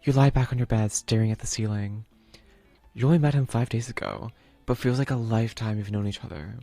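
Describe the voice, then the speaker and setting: A man's voice: on the low side, a little fast, warm tone, dry recording, soft background music. Rambling, playful male game streamer. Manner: rambling and playful, with many fillers like "like". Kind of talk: casual play-through commentary, reading game text aloud.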